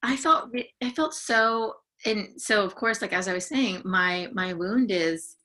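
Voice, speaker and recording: A woman from the San Francisco Bay Area, a podcast guest speaking candidly in a halting, emotional way with frequent restarts. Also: medium pitch, expressive, pushed and bright. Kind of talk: candid conversational sharing.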